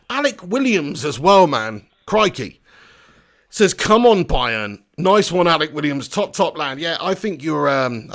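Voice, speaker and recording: A young man with a notably high voice, chatty and excitable as he hosts a live football watch-along. He swears casually, reads out viewer messages and jumps into quick commentary on the play.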